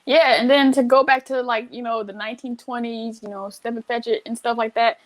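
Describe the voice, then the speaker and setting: A woman hosts a casual interview. Her voice sits a little high, and she speaks softly and hesitantly, stumbling over repeated words as she works up to a question. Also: fairly even intonation, a little fast, a crowd in the background. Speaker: interviewer, show host.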